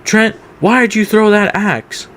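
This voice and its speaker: A man voicing an angry, short-tempered male venue owner who scolds loudly. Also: high voice, measured pace, voice pushed up. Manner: shouting, exasperated scolding.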